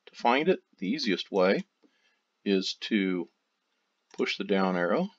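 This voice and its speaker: A man narrating a software tutorial, walking through steps one by one with loose, casual phrasing. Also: low voice, takes it slowly. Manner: steady step-by-step explaining, loose phrasing. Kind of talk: screen-recorded tutorial narration. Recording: dull lo-fi audio.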